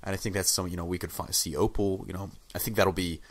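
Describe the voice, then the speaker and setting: A young man reviews a TV episode fast, his voice sitting low with fairly even intonation and a sick, under-the-weather sound. It's casual and rambling, loaded with fillers and restarts.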